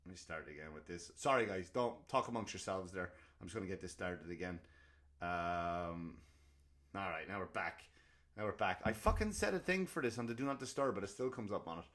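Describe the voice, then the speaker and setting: A young man hosting a comedy podcast, ranting in a rambling, profane, animated way, full of restarts and put-on quotes. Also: sits low, brisk.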